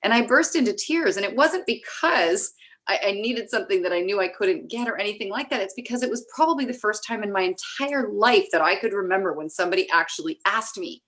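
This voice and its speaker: A Canadian woman speaking as a guest in a candid personal conversation, reflective and halting, with many restarts. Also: mid-range voice, expressive, fairly bright tone. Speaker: guest, recovery advocate.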